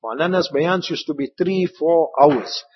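A man giving an Islamic religious talk with stories, rambling and repeating words, sometimes dropping into soft asides. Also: a little high, a little slow, a little hiss or hum. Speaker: Islamic preacher. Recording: muffled, echoey hall.

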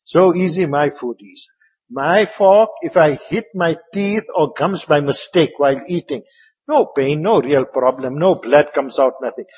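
A man giving an Islamic religious talk with stories, rambling and repeating words, sometimes dropping into soft asides. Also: on the high side, moderate pace, husky. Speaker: Islamic preacher. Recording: muffled, echoey hall.

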